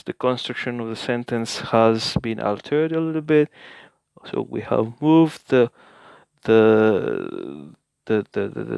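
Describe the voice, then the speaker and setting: A man hosting a casual spoken language lesson, thinking aloud with many filler sounds and repeating words slowly for the listener. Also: medium pitch, vocal fry, darkish tone, clean tone, no echo, clean studio sound. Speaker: language-learning video host.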